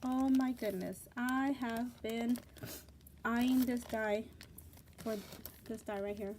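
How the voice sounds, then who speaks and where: A woman hosting a casual craft unboxing vlog, gushing and excitable, with lots of fillers and repeated words. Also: medium pitch, a little hiss or hum. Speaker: craft channel host.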